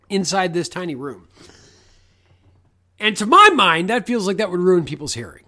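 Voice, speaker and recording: A man co-hosting a podcast in casual chat, animated and jokey, with free swearing. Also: high-pitched, moderate pace, pauses often. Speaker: podcast co-host.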